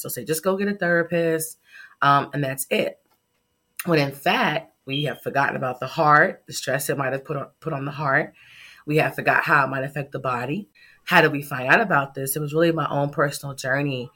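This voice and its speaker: A woman's voice: deep voice, gravelly, fairly bright tone. A middle-aged woman, a startup founder, telling a heartfelt personal story in a podcast interview.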